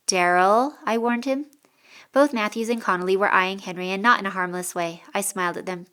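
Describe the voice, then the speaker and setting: A woman reading a first-person story as an audiobook narrator, steady and clear. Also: mid-range voice, fast talker.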